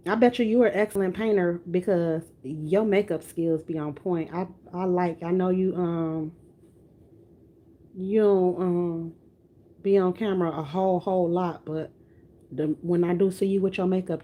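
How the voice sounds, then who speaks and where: A woman's voice: lowish voice, steady tone, measured pace, mellow. A woman with a light country twang, chatting casually on a livestream while she works on a reborn doll. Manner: chatty, talks while rooting doll hair.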